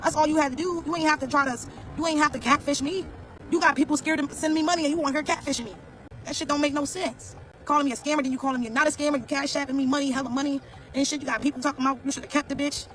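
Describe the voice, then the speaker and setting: A man's voice: extremely high pitch, fairly even intonation, very fast, a bit bright, rough recording. A man telling a casual storytime rant to his viewers, blunt, profane and slangy, repeating phrases as he talks. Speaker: vlogger.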